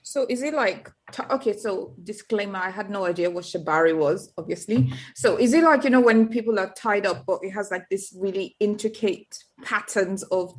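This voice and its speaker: A woman co-hosting a podcast, telling stories in animated, emphatic casual chat. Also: mid-range voice, normal speed, hardly any pauses. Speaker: podcast co-host.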